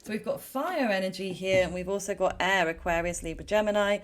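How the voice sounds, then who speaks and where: A woman's voice: mid-range voice, fairly quick. A woman giving a casual pick-a-card tarot reading in a chatty, rambling way, with frequent fillers and self-corrections. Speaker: tarot reader.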